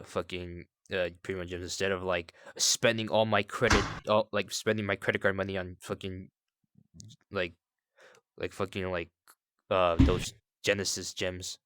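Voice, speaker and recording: A man with a low but bright, forceful voice, recorded dry and close. He rambles through his questions, restarting sentences and dropping casual swears. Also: clear, resonant tone, no room sound. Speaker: interviewer asking players' opinions. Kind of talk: casual chat.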